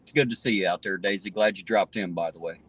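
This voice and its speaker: A man's voice: low voice, quick pace, a bit bright, slightly rough, poor audio. A man hosting a live stream from inside a car, talking in a blunt, profane, folksy way. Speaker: livestream host. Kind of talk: casual chat on a live stream.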